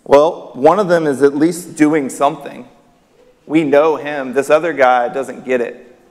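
A man's voice: a little high, fairly even intonation, a little slow. A man preaching a sermon in a church hall, emphatic, his voice rising on key words. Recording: long reverb of a hall.

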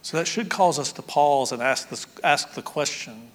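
A man preaching a sermon as pastor, moving between loud, excited storytelling and quiet, hushed emphasis. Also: on the high side, normal speed, big-room sound.

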